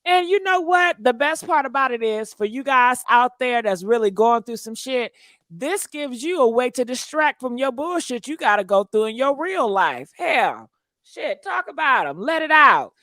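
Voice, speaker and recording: A high-pitched woman hosts a call-in show, talking in a sassy, profane way with frequent laughs. Her voice sits close and dry, with no room around it. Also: animated, normal speed, a bit bright, no room sound. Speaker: talk show host. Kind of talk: casual call-in chat.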